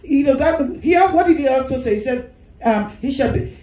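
A woman teaches Sunday school in a mellow, higher-pitched, expressive voice at normal speed. She goes over scripture, repeating phrases and asking the class questions, while the sound rings through a roomy space.

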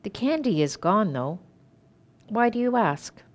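A woman reading the part of a lonely, gentle older man, in a mild and polite way. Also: mid-range voice, lively intonation, measured pace, lightly acted.

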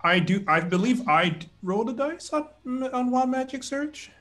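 A young man chatting casually as a player in an online tabletop game. His voice is bright and forward, and he talks haltingly, restarting mid-thought. Faint music runs underneath. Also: very high-pitched, expressive.

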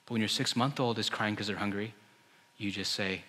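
A man's voice: fairly low pitch, steady tone, a little fast, bright, forceful tone. A male pastor giving a sermon in a conversational style, full of rhetorical questions. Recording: church hall with long reverb.

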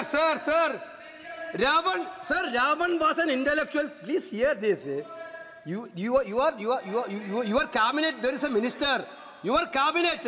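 A man with a Malayali English accent speaks in a parliament chamber, his voice very high and pushing into shouts as he repeats his points. The big room adds a long reverb tail. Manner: forceful, repetitive, rising to shouts. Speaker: member of parliament. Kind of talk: parliamentary floor speech.

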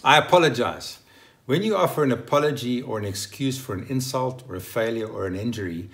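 On his own channel, a man teaches English vocabulary from a script, staying upbeat and emphatic as he acts out example phrases. His medium-pitched voice is expressive, with vocal fry, and he talks fast.

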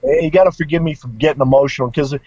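Middle-aged man telling his story, slightly high. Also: steady tone, fast talker, darkish tone, husky, no echo. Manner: emotional, informal storytelling with slang. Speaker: guest, former priest. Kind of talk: personal testimony in casual interview. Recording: dull lo-fi sound.

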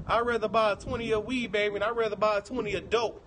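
A man's voice: high-pitched, little pitch movement, fast, fairly bright tone, a little hiss or hum. A man with a Detroit accent doing a livestream, chatting with viewers in a brash, profane, teasing way. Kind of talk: casual livestream chat.

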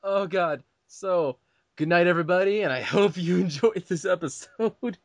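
A man's voice: sits high, normal speed, no room sound. A man hosting a casual movie podcast, chatting in an upbeat way as he wraps up the episode. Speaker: podcast host.

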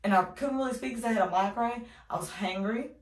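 A young adult woman telling a casual story to her viewers, animated and sassy, with slang, calling them y'all. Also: fairly high pitch, quick pace. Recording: roomy echo.

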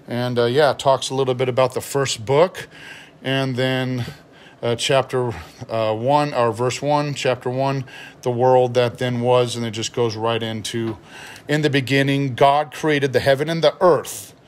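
A pastor showing a study Bible and explaining its notes in a relaxed, explanatory way, reading passages aloud as he goes. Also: mid-range voice, unhurried. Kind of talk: Bible unboxing review.

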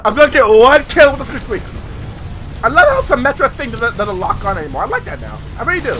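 A man giving excitable live gameplay commentary, playful and repetitive, swearing now and then. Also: very high-pitched, fast, slight background noise. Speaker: gaming video creator.

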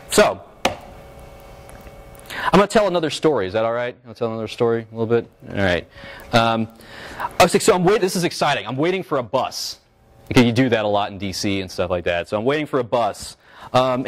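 A man lecturing on philosophy at a seminar, animated and joking, full of fillers, restarts and quick "right?" check-ins with the room. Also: medium pitch.

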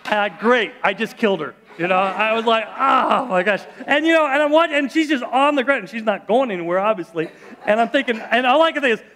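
Man, pastor, middle-aged, high voice, chatty storytelling sermon, church. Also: expressive, fairly quick, fairly bright tone, slight background noise. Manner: storytelling, conversational with many restarts.

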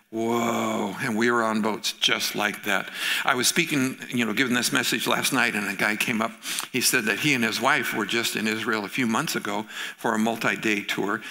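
Gravelly bright-voiced male pastor preaching. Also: mid-range voice. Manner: animated storytelling, acting out quoted voices. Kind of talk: sermon.

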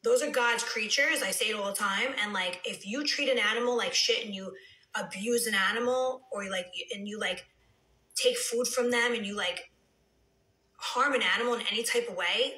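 New woman on a phone live, bright voice, roomy echo, goes from whispery to ranting. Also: mid-range voice, a little fast. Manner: chatty, swings into soft whispers and heated rants. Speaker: reality TV personality on a live stream. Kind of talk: casual live-stream chat reading comments.

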